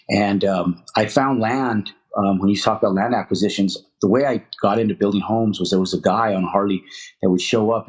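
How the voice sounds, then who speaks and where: A middle-aged man, a real estate developer, telling his story in a podcast interview, rambling with many fillers and restarts. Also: low-pitched.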